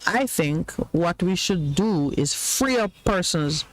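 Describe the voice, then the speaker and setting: A man's voice: high voice, expressive, slow pace, poor audio. A Jamaican man hosting a radio talk show, chatting casually and laughing often.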